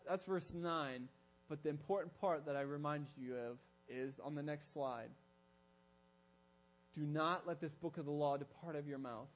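Animated preacher man, slightly high voice. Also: low-quality recording. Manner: animated, acts out quoted voices in storytelling. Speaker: pastor. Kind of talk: sermon. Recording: low mains hum.

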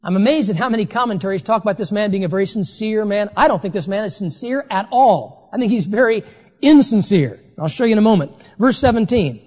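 A preacher giving a sermon, who talks emphatically and slows down to stress key phrases. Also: mid-range voice, lively intonation, a little mellow, long reverb tail.

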